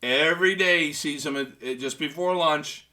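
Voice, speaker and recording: A man's voice: a little high, normal speed, bright, forceful tone. A man hosting a sports talk show, reading fan comments in a wisecracking, joking way. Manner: wisecracking, does mock voices and laughs. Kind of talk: casual sports radio banter.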